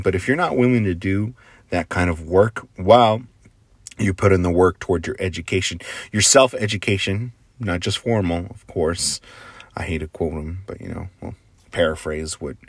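A man giving a casual motivational monologue, earnest and rambling, drifting into quiet asides and casual swearing. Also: low voice, normal speed, no echo. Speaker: motivational speaker.

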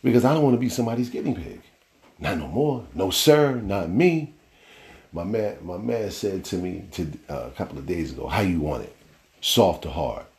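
A man's voice: fairly low pitch, very animated, normal speed, vocal fry, a little mellow, reverberant. A man hosting a casual solo podcast, telling stories in a loose, rambling way with slang and the odd curse. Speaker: podcast host.

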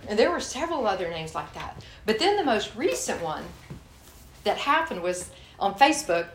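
A woman giving a sermon and telling personal stories in a lively way, acting out her own anger. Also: mid-range voice, normal speed, slight background noise. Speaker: guest speaker. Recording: echoey room.

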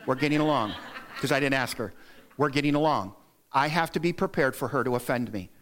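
A middle-aged male pastor delivers a sermon in a church sanctuary. He speaks earnestly in a mid-range voice, counting off practical points and pushing his pitch upward for emphasis. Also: brisk, a bit bright. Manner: earnest and exhorting, lists points, rises in pitch to stress them.

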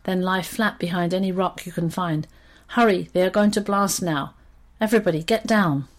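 A woman voicing a brave, excitable young male mouse in a storybook reading, speaking in a squeaky, eager way. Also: moderate pace, lightly acted. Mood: urgent.

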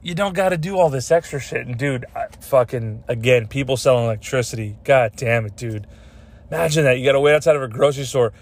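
A man's voice: medium pitch, fast talker. A young adult man hosting a podcast, ranting casually and profanely, telling stories and acting out the people in them. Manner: animated, profane storytelling with voiced quotes. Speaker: podcast host. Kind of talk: casual solo podcast rant.

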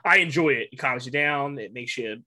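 A man's voice: mid-range voice, fairly quick, pushed and bright. A young man rambling through casual chat, swearing freely and laughing often. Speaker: guest.

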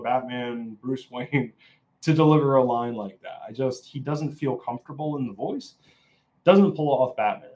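A man's voice: mid-range voice, a little mellow. A man giving a casual, opinionated film review, rambling and often restarting his sentences.

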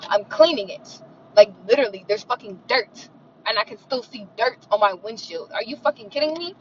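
A woman ranting casually to the camera, profane and indignant, talking fast and animated while sitting in a car. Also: fairly high pitch, dull audio, a little hiss or hum. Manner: profane, animated and indignant, mutters affirmations softly. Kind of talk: casual venting monologue.

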